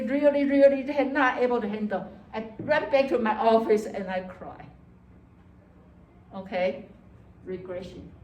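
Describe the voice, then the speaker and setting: Animated woman lecturing in an echoey classroom. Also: a little high, far from the mic, slight background noise. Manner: animated, acts out student voices, frequent "okay" and "right". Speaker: psychology lecturer.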